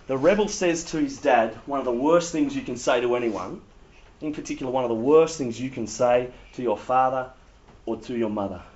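A man preaching a sermon, telling stories with animated humor. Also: mid-range voice, brisk. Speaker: pastor. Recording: dull lo-fi sound.

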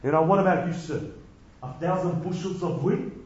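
A man's voice: sits high, moderate pace, a little mellow, reverberant, muffled recording, natural voice. A man putting on a slick car salesman. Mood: slick pitching. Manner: pushy sales patter, wheeling and dealing. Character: greasy shifty male used-car-salesman manager.

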